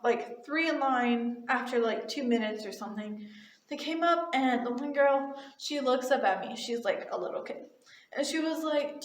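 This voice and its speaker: A woman's voice: a little high, roomy sound. A young woman who works retail tells a casual storytime in a chatty, gushing way with lots of "like" fillers. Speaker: retail cashier and vlogger.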